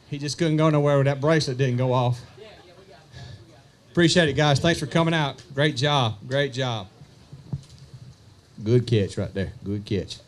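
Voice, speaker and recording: A man emceeing an outdoor fishing tournament weigh-in, joking with anglers and calling out weights slowly. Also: fairly high pitch. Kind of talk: live weigh-in announcing with banter.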